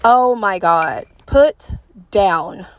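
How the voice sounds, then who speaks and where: A woman hosting a let's play, commenting on the game in an exasperated, animated way and talking to the characters on screen. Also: mid-range voice, extremely slow, a little hiss or hum. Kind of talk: gameplay commentary.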